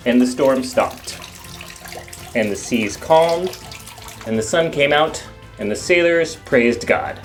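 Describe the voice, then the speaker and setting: A man's voice: medium pitch, slow pace, long pauses, soft background music. Playful man telling a kids' Bible story. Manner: playful, animated storytelling with silly voices. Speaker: children's ministry teacher.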